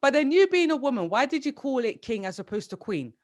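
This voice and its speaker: A playful woman hosting a podcast, her pitch bouncing up and down as she chats. She sounds bubbly and laughs easily, keeping things casual. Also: very animated, fast. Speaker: podcast host. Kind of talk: casual interview chat.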